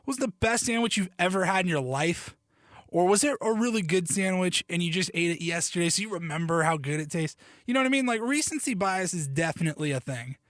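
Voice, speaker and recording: A man hosting his solo sports podcast speaks a little fast in a bright, high-pitched voice, rambling in an animated, joking, loose way with the odd curse. He keeps interrupting himself and restarting sentences. The recording is close and dry, with no room sound.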